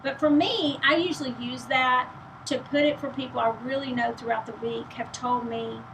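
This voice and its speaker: A chatty woman with a Texan drawl, her voice pitched a little high. It sounds weak and winded from illness, yet she speaks loudly so she carries. Clear noise hums behind her. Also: steady tone, normal speed. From East Texas. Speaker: host. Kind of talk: casual chat to camera.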